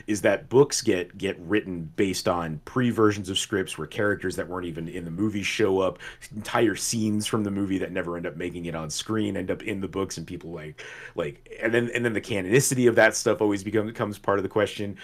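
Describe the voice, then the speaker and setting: A man co-hosting a podcast in casual chat, rambling with many restarts and trailing off quietly. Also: lowish voice. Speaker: podcast co-host.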